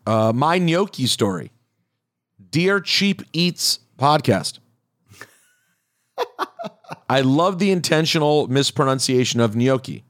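A man's voice: medium pitch, animated, slow pace, pauses often, a bit bright, dry recording, studio quality. A man hosting a podcast, reading listener letters aloud with wry asides in casual chat. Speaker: podcast host.

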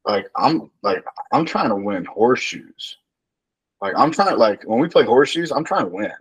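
Animated man hosting a podcast. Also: mid-range voice, moderate pace, breathy edge, poor audio. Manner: animated, laughing, filler-heavy. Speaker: podcast host, wrestling coach. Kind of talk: casual podcast chat.

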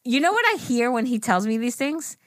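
A woman's voice: a little high, animated, fairly quick, no echo. A woman co-hosting a podcast in casual chat, bubbly and swearing freely between laughs. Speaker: podcast co-host.

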